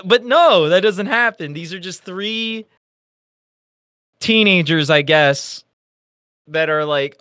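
Animated young man chatting on a dry mic. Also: a little high, measured pace, smooth, no room sound. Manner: animated, acts out quotes in raised voice. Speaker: podcast co-host. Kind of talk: casual review chat.

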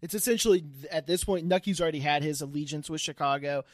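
A man with a fairly high voice hosts a casual podcast, recapping plot in rambling, halting sentences broken by laughs. The sound is close and dry, with no room around him. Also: dry recording. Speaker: podcast host.

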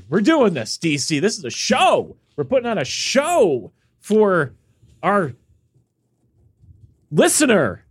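A man's voice: high voice, slow pace, pauses often, breathy edge, no echo, clean studio sound. A man co-hosting a casual podcast, joking and sniffly as he banters with his partner. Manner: animated, jokey, sneezing and sniffly. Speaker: podcast co-host.

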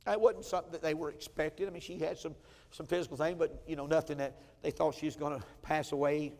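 A male pastor preaches from the front of a church, telling a story with feeling and circling back over his words. His voice sits a little high for a man, and a long hall reverb trails behind it. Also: steady tone, fast talker, a little mellow. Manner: heartfelt, emotional telling with many repeated phrases. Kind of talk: storytelling sermon. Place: church sanctuary.

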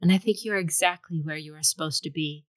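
A woman voicing a calm, distant young warrior woman who speaks in measured tones. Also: deep voice, no echo, natural voice. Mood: assured.

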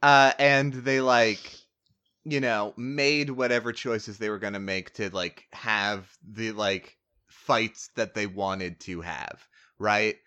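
A man's voice: lowish voice, steady tone, takes it slowly, bright, forceful tone, clean tone. A man in casual chat about a movie, rambling with lots of fillers and the odd swear word.

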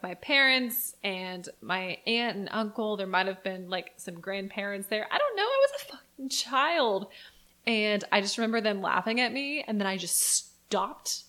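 Young female co-host, bright, sharp voice, blunt and candid storyteller. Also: mid-range voice. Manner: candid, blunt, swears casually. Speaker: podcast co-host. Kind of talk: casual chat.

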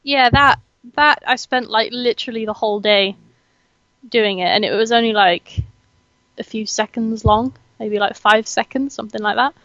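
Giggly young woman, higher voice. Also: normal speed, a bit bright, no echo, dull audio. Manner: giggly, chatty, self-deprecating. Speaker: host, student. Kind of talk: casual chat.

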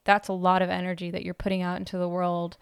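A woman's voice: lowish voice, monotone, quick pace, vocal fry, clear, resonant tone, no room sound, clean studio sound. A young adult woman co-hosting a podcast, talking in an earnest, chatty way with lots of fillers. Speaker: podcast co-host. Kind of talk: casual podcast chat.

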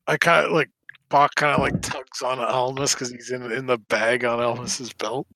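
A man's voice: medium pitch, level tone, normal speed, vocal fry, bright, forceful tone, dry recording. A man playing a tabletop game, describing his character's actions in a hesitant way. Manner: hesitant, with fillers like "kinda, like". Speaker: player. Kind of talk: casual tabletop play.

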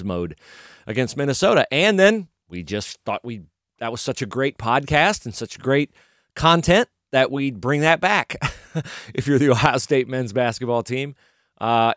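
A middle-aged man hosting a sports podcast, talking casually, opinionated and animated about his team. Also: mid-range voice, dry recording, clean studio sound. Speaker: podcast and radio sports talk host. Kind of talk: casual sports talk monologue.

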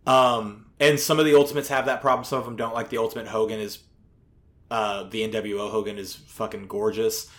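This podcast co-host chats casually and rambles, dropping plenty of fillers and an occasional curse. His fairly bright voice is on the low side, level in tone, and a little fast.

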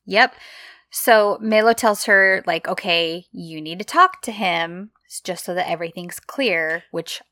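A woman co-hosting a casual recap podcast, relaxed and affirming as she summarizes the plot. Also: fairly low pitch, measured pace, dry recording. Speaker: podcast co-host.

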